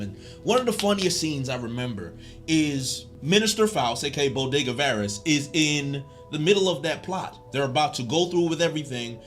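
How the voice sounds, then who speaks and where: A man talks through his video essay in a loose, joking way, full of slang. His voice sits on the high side for a man. Faint music plays underneath. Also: animated, normal speed. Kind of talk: casual video essay commentary.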